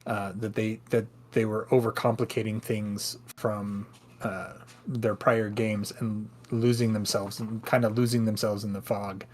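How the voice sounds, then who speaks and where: A man's voice: lowish voice, little pitch movement, a little slow, darkish tone, a little hiss or hum. A man co-hosting a podcast in casual chat, talking in a rambling, hesitant way. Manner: rambling, hesitant, many restarts. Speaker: podcast co-host.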